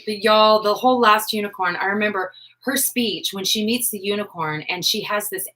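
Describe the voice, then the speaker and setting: A woman's voice: medium pitch, normal speed, pushed and bright, low-quality recording. A woman in her forties chatting casually on a livestream, rambling with lots of "like" and "um". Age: 40s. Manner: rambling, full of "like" and "um". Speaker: livestream host. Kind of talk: casual live chat.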